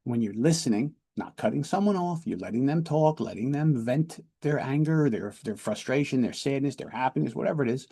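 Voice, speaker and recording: A police lieutenant teaches de-escalation in a plain lecture style, often doubling his words and asking "right?". His voice is gravelly, husky and dark in color, and his pitch sits in a middle range. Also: expressive, brisk, hardly any pauses. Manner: explanatory, repeats words and checks in with "right?". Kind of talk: training lecture.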